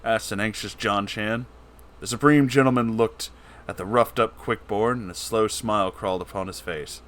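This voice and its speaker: At a normal speed, a man with a lowish and somewhat bright voice performs a storybook reading. He narrates theatrically and voices each character differently.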